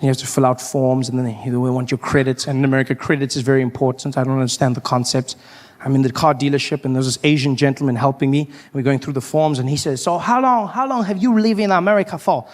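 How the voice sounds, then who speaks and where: A male comedian performing stand-up, telling a story in an animated way and breaking into sudden shouts. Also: medium pitch, quick pace.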